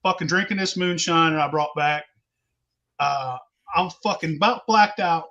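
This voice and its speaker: A man's voice: on the high side, moderate pace, pushed and bright, highs cut off. A man telling a rowdy, profane drinking story in casual chat. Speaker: show host telling a story.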